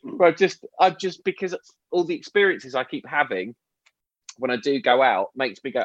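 Middle-aged guy ranting and laughing, swears a lot, bouncy pitch, flat dry mic. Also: moderate pace, no echo, dull audio. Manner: lively, swearing, laughing storyteller. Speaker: podcast co-host. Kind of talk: casual chat.

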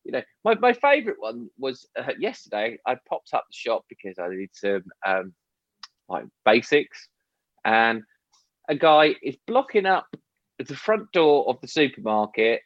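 A man's voice: mid-range voice, measured pace, no room sound, dull audio. A middle-aged man in casual podcast chat, telling stories with swearing and laughter. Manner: lively, swearing, laughing storyteller. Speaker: podcast co-host.

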